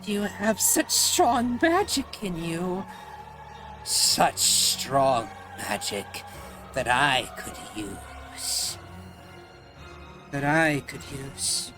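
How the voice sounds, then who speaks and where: A man's voice: a little high, expressive, drawn-out words, music in the background. Man doing a crazed undead archmage ruler. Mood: eerie, tempting. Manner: frantic stammering, swings to shouting. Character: mad undead male archmage ruler, manic.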